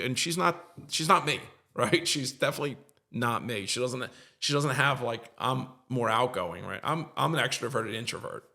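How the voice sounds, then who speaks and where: A man's voice: medium pitch, expressive, fairly quick, creaky, sharp tone. A middle-aged man, a podcast guest, tells an emotional story in an earnest, repetitive way and gets choked up at times.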